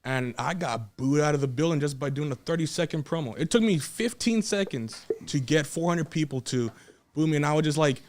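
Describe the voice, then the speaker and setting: A man's voice: on the high side, expressive, brisk, darkish tone. A 21-year-old man from South Texas, a guest wrestler telling a story in a casual, emotional, rambling way with frequent restarts.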